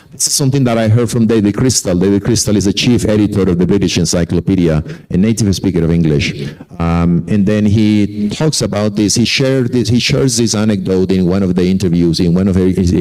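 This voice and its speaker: Man giving a lecture, low dark voice. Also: rough recording. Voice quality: anecdotal, repeats and corrects himself. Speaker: conference speaker. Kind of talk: lecture to teachers.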